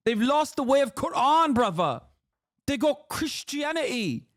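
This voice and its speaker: A man voicing an aggressive male fundamentalist podcaster from London, in a South Asian London accent, preaching slowly and calling everyone brother. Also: extremely high pitch, very animated, fairly bright tone, no echo, clean studio sound, pitched above the performer's own voice, heavily acted. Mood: preachy. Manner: preachy, drawn-out, keeps saying brother.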